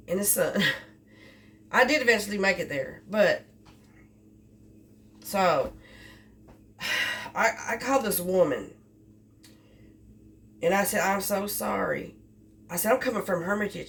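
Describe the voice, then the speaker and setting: A woman telling a rambling story about her delivery job, repeating herself as she goes. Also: lowish voice. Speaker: delivery driver. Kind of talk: casual storytelling vlog. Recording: distant mic with faint background noise.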